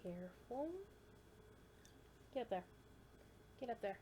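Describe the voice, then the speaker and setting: A woman's voice: medium pitch, slow pace, dark tone. A woman streaming a game, chatting casually and cooing at her kitten while the game loads. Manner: coos and baby-talks to a kitten between game remarks. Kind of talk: casual gameplay stream chat. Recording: faint background noise.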